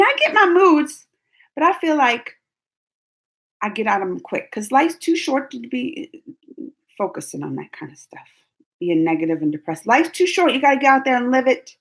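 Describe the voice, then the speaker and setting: A woman's voice: sits high, moderate pace, vocal fry, long pauses. A young adult woman hosting her channel, answering viewer questions in a casual, talkative way and laughing often. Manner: animated and talkative, laughs often, restarts sentences. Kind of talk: casual livestream chat.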